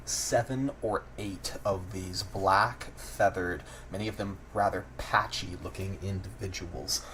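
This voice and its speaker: A man narrating as game master, describing scenes in a lively way and prompting players. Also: deep voice, unhurried, a little hiss or hum, low-quality recording.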